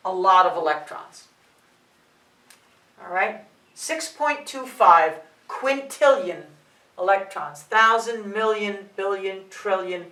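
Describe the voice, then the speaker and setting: A woman teaching high school physics who often checks in with "all right" and "okay" and counts digits aloud. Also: bright, forceful tone. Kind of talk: classroom lecture at a board. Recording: roomy sound, mic set at a distance.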